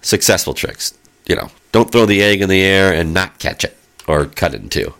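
A man's voice: sits low, lively intonation, moderate pace, fairly bright tone. A middle-aged man telling a long, rambling story in casual chat, with lots of fillers and spoken sound effects.

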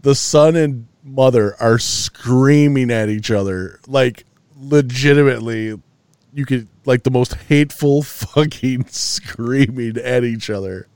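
A man's voice: medium pitch, slow, darkish tone, smooth, no echo. A man co-hosting a podcast, telling a long story in casual chat, loose and profane with lots of restarts, sounding tired. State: yawning, tired. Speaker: podcast co-host.

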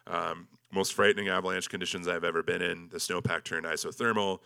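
Guy with a low but bright voice doing a laid-back slideshow talk, jokey and self-deprecating, lots of ums. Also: steady tone, brisk, vocal fry, clear, resonant tone. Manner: joking, self-deprecating, with many ums and likes. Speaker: speaker presenting an expedition slideshow. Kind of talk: casual storytelling talk with slides.

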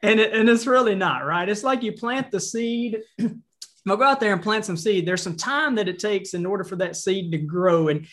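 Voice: medium pitch, normal speed, fairly bright tone. An interview host with a Southern US accent who speaks conversationally. The host is encouraging and affirming, with casual restarts as they respond to the guest.

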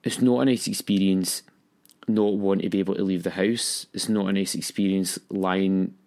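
Candid young man, lowish voice. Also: fairly even intonation, moderate pace, a little mellow. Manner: candid, emotional, acts out quoted voices. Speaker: storyteller recounting his own experience. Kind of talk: personal storytelling.

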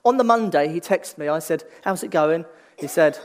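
High-voiced man preaching conversationally. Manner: swings between lively emphasis and hushed, slow delivery; repeats and restarts phrases as he thinks aloud. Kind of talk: conversational sermon.

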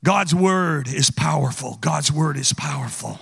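A man's voice: on the high side, measured pace, vocal fry, slightly rough, in a large hall. A man speaking as a guest preacher, teasing and joking with his audience in a church auditorium. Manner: animated, teasing, calls out to the audience. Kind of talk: playful sermon with audience interaction.

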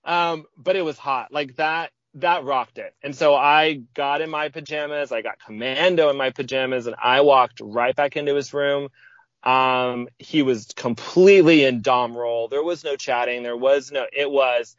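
A man on a podcast telling a personal story in a relaxed, casual way, acting out what people said with sudden jumps in pitch. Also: normal speed, dry recording. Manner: lively, acts out quoted speech with sudden pitch jumps. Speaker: podcast guest. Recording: dull, dry lo-fi audio.

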